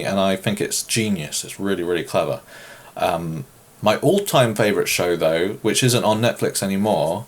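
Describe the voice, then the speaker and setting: A man from England with an English accent, chatting casually as he answers viewer questions, joking and self-deprecating. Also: fairly low pitch. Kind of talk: casual Q and A chat.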